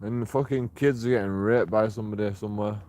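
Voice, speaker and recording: An angry, profane man ranting and taunting people, recorded outdoors on a dark path at night. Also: lowish voice, fairly even intonation, quick pace. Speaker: street auditor filming himself. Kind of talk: confrontational vlog rant.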